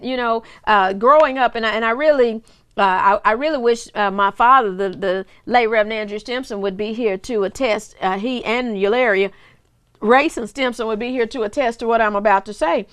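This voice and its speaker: Woman in her 40s preaching casual, pretty high voice, lots of repeats and restarts, jokes with the cameraman. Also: fairly quick, a bit bright, clear, resonant tone. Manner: conversational and playful, with laughter and asides to the cameraman; repeats words and restarts often. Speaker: minister. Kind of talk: casual teaching sermon.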